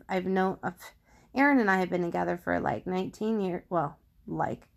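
A middle-aged woman speaks into a studio microphone on her faith podcast. Her voice carries a gravelly texture, and she takes her time, working through a personal story in a reflective way and circling back on her own words. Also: mid-range voice. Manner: candid, reflective storytelling with frequent restarts. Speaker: podcast host.

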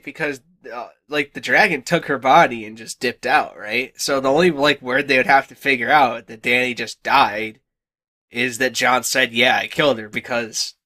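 A young man co-hosting a podcast, excitable and jokey, jumping in with his own theories. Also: medium pitch. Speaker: podcast co-host. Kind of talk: casual recap chat.

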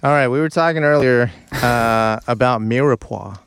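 A man's voice: mid-range voice, normal speed, vocal fry, clean tone, no room sound. A man co-hosting a podcast, teasing his friends in crude casual banter and laughing often. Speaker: podcast co-host.

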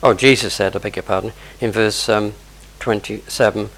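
Gravelly-voiced male preacher. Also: fairly low pitch, fairly even intonation, moderate pace, a bit bright, rough recording. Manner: explains verse by verse, conversational asides. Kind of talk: sermon on scripture.

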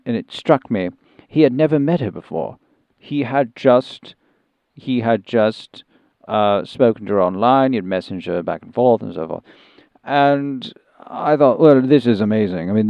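A man's voice: fairly low pitch, gravelly, no echo, dull audio. A man playing a fussy, genteel Englishman from Sussex who has turned country singer, speaking hesitantly with many ums and restarts in an improvised comedy interview. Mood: flustered. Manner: prim and genteel.

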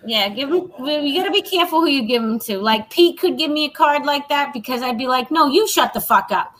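A woman guest on a casual podcast, blunt and quick to laugh, who swears freely. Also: high-pitched, expressive, rough recording. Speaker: guest author.

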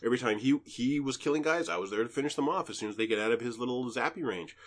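Animated Canadian man chatting. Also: mid-range voice, fast talker, slight background noise. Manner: animated, laughs often. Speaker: podcast co-host. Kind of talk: casual gaming chat.

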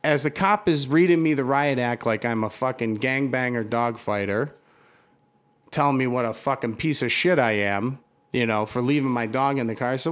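A man's voice: medium pitch, normal speed. A man in casual conversation, telling an angry story full of swearing, restarts and filler words. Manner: heated, profane storytelling with many restarts.

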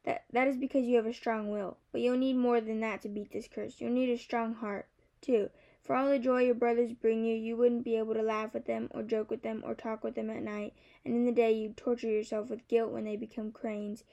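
Small chirpy female bird as a woman voices her, fussy, scolding, high-pitched, mellow, audiobook character. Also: flat delivery, a little fast, gravelly, highs cut off. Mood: stern.

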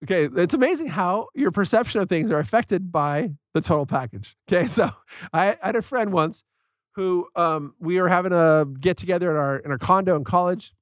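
A man with a high, light voice tells stories in a casual podcast chat, laughing often and acting out the lines of the people in them. The sound is dry and close to the mic. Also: fairly quick, no room sound. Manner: animated storyteller, laughs often, acts out quotes. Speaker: podcast co-host.

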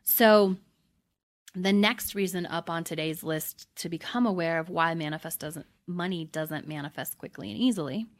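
A woman in middle age hosts her own podcast, teaching in an easygoing, unscripted way. Her voice sits slightly low for a woman. She keeps checking in with "right?" and often circles back to restart a sentence. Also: normal speed. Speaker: podcast host and manifesting coach. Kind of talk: casual teaching monologue.

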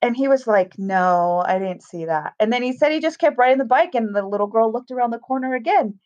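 A woman's voice: a little high, a little fast. A middle-aged woman casually telling a story, acting out the voices of the people in it. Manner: animated, acts out quoted voices. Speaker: guest telling a ghost story. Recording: dull, lo-fi sound.

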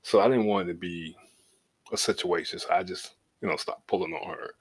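Deep husky man telling a story. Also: fairly even intonation, a little fast. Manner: loose and profane, leaning on "you know what I'm saying"; shifts from laid back to heated as the story builds. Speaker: podcast host. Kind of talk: casual storytelling.

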